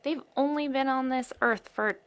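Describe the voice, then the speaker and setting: Lively woman telling stories. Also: high voice, normal speed. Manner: lively storytelling, acts out quotes. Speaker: podcast guest. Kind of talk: casual chat.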